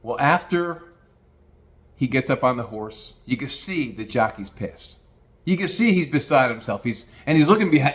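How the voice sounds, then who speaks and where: A man's voice: mid-range voice, a bit bright. A man telling a rambling, profane anecdote in a casual conversational way. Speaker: storyteller.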